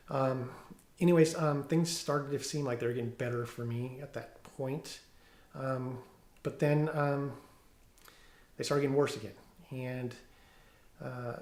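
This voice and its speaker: A middle-aged police officer giving a personal testimony at home, talking haltingly with many fillers and restarts. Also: male voice, medium pitch, darkish tone, echoey room. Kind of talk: personal testimony, reading from notes. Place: room at home.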